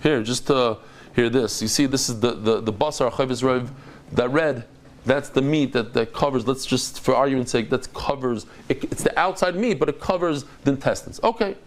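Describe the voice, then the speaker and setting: A man teaching a daily Talmud class as a rabbi, explaining in an animated, dramatic way with quick restarts. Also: mid-range voice. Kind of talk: lively Talmud lecture to a live group.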